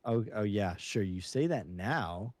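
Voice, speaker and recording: A man's voice: fairly low pitch, lively intonation, measured pace, a little mellow, dry recording. A man co-hosting a casual movie review podcast, rambling with many restarts and jokey asides. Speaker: podcast co-host.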